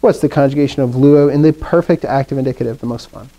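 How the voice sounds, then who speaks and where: A man teaches a class in a classroom. His voice is mellow and warm, with a pitch in the middle range. He recites drills and then explains things in a loose, chatty way, asking the students questions. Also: fast talker, hardly any pauses. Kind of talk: classroom lesson.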